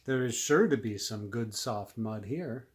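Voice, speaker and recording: A man's voice: mid-range voice, lively intonation, a little slow, close to an everyday voice. A man voicing a small male pig who loves mud, reading it aloud from a storybook and squealing when startled. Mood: eager.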